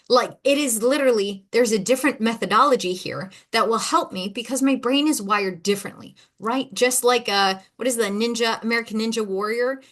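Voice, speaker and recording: A woman's voice: fairly high pitch, a little fast, few pauses, fairly bright tone. Rambling woman hosting a chatty podcast. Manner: rambling, self-interrupting, repeats words, laughs easily. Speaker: podcast host and ADHD coach. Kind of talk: casual solo podcast monologue.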